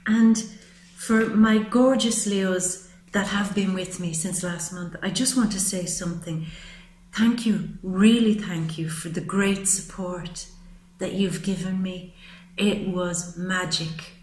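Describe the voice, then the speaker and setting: A woman's voice: medium pitch, steady tone, slow pace, darkish tone, echoey room, rough recording. A woman giving a monthly tarot reading to camera, talking to her viewers in an affectionate, gushing way. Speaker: tarot reader.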